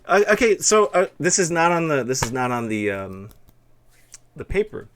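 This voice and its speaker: A man's voice: fairly high pitch, very animated, normal speed, slight background noise. A man hosting a casual live-stream interview, flustered and laughing easily, often restarting his sentences.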